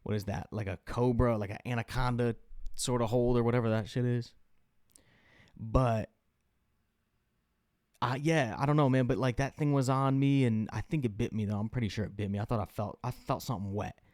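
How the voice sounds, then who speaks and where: A man's voice: medium pitch, steady tone, moderate pace, a little mellow, dry recording. A young man talks on his own show in a loose, meandering way, swearing freely and leaning on fillers. His voice sits in an ordinary middle range. The recording is close and dry, with no room sound. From US Midwest. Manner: rambling, profane, lots of fillers. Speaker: podcast host. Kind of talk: casual solo chat.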